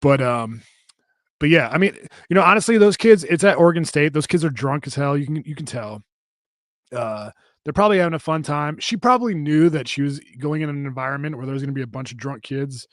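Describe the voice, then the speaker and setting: A man's voice: fairly high pitch, lively intonation, fairly quick, no echo, clean studio sound. A man in his thirties co-hosting a podcast, chatting casually and reading out live comments in a rambling, profane way with lots of fillers and restarts. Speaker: podcast co-host.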